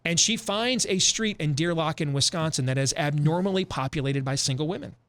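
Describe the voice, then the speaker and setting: A man hosting a talk show, retelling a film in an emphatic, animated way with frequent repetitions. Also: fairly high pitch, brisk. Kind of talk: opinionated radio talk.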